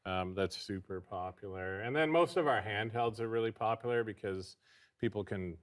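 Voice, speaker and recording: Chef guy explaining bbq, low smooth voice, lots of ums. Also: normal speed. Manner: relaxed, hesitant with frequent ums. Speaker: barbecue chef guest. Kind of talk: casual explanatory chat.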